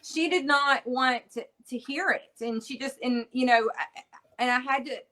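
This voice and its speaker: A middle-aged woman talks with earnest feeling as an interview guest, her voice sitting a little higher than most. She stops and restarts often, repeating words as she goes. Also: moderate pace, pushed and bright, low-quality recording. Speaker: interview guest, bereaved mother. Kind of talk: casual interview talk.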